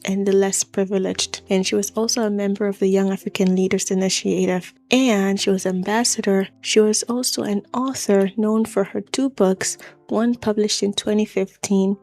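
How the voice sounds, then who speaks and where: A woman's voice: mid-range voice, a little mellow. Woman, true-crime storyteller, conversational, short listing phrases, faint music underneath. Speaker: channel host and narrator.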